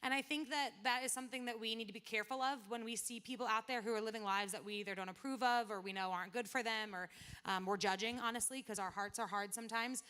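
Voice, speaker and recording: A woman gives a relaxed, conversational sermon, with a bright, forward tone. She retells old stories in everyday slang and slips into quick quoted asides as she goes. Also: on the high side, clear, resonant tone. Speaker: preacher. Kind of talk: casual sermon.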